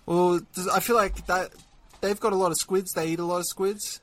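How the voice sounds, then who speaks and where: A man's voice: high voice, flat delivery, moderate pace, a bit bright. A man with an Australian accent co-hosting a podcast, chatting casually in a teasing, laid-back way. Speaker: podcast co-host. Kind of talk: casual chat.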